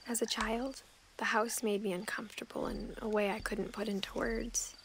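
An actress voicing a seventeen-year-old girl who narrates her return to her family's house in a game, speaking quietly and reflectively. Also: on the high side, moderate pace, close to an everyday voice. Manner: quiet, reflective, even delivery. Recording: game audio with clear background noise.

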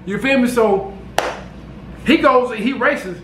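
A man telling a story to camera in a casual, slangy, animated way, repeating himself. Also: very high voice, slow, roomy sound, noisy background. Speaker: vlogger. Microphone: camera mic.

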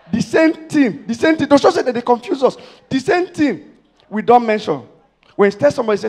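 A man with a Nigerian Pidgin accent from Warri doing stand-up comedy on stage, chatty and animated, building to loud punchlines. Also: very high-pitched, fairly quick, creaky. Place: stage before a live audience.

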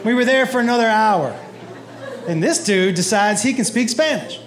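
A man doing stand-up, telling animated stories and acting out the people in them on a comedy stage. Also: moderate pace, crowd noise. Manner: animated, acts out quotes with big pitch swings. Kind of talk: stand-up storytelling. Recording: noisy live stage recording.

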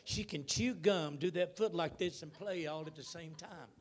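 Pastor, man, fairly high voice, preaches with stretched words and loud emphatic bursts. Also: normal speed. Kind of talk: sermon. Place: church sanctuary.

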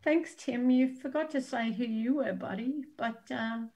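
A woman's voice: a little high, a little slow, warm tone, low-quality recording. A woman co-hosting an online event, speaking in an earnest and open way. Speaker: co-host and organizer. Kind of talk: heartfelt address. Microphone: video call.

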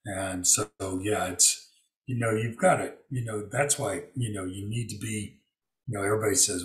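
A man telling a work story in a relaxed interview, using lots of fillers and acting out what people said. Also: on the low side, moderate pace, roomy sound, far from the mic, a little hiss or hum, poor audio. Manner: storytelling with many fillers and acted-out quotes. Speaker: guest. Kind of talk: conversational interview.

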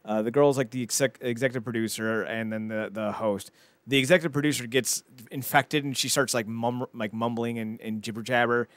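A man in a casual podcast chat, his middle-pitched voice recorded close and dry with no room sound. He tells a film's plot with animated, mocking energy and keeps tripping over repeated words. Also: brisk, dry recording. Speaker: podcast co-host.

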